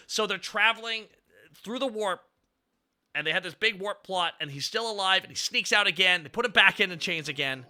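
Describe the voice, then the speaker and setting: A man hosting a casual ranking stream, telling stories in an excitable, profane rush. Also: sits high. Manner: excitable, profane, fast storytelling. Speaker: streamer host.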